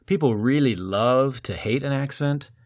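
Thoughtful male podcast host. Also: medium pitch. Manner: thoughtful, measured, laughs between points. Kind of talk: casual podcast chat.

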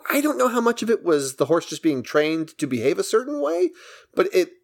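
A man's voice: sits high, big pitch swings, brisk, gravelly. A man co-hosting a film podcast, eagerly recapping a movie's plot in casual chat. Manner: enthusiastic, recaps plot at length. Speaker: podcast co-host.

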